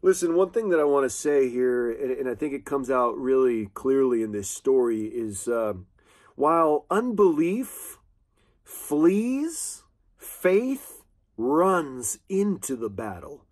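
A man's voice: medium pitch, big pitch swings, takes it slowly, a little mellow. A man preaching a sermon in an impassioned, emphatic way, repeating key phrases.

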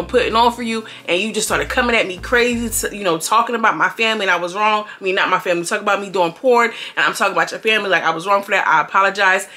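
A woman's voice: mid-range voice, bright, forceful tone. A woman giving a casual, slangy recap of a reality show, chatting with viewers and acting out what the cast said. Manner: slangy, chatty, acts out quotes.

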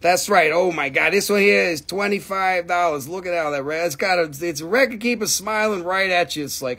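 Excitable man selling rocks live. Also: high-pitched, fairly quick, gravelly, hardly any pauses. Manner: excitable, playful, reels off prices and numbers. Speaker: host selling minerals on a live stream. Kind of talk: live sales stream, casual chat.

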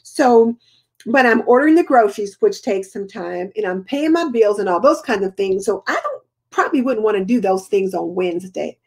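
A woman's voice: medium pitch, animated, normal speed, a little mellow, husky. An older woman, chatting casually as host of a live homemaking Q&A and answering viewer comments.

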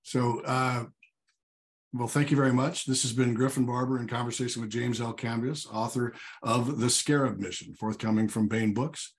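A man's voice: medium pitch, steady tone, normal speed. A man hosting a podcast, politely closing an interview. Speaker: podcast host. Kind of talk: interview wrap-up.

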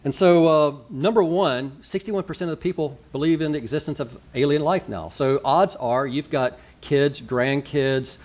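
A man's voice: fairly high pitch, moderate pace, few pauses, darkish tone. A man, a pastor giving a sermon in a chatty, conversational way, full of asides and rhetorical questions.

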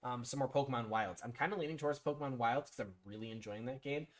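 A man's voice: mid-range voice, quick pace. Guy rambling on his live stream, blunt picks, lots of ums. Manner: rambling, talks to chat viewers, frequent ums and restarts; blunt, mildly profane opinions. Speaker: streamer making sports picks. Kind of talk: casual live-stream chat.

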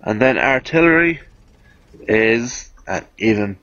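A man's voice: medium pitch, expressive, slow pace, a bit bright, no room sound, highs cut off. A man giving casual, chatty, self-amused commentary over a video game as he explains weapons. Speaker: game guide host.

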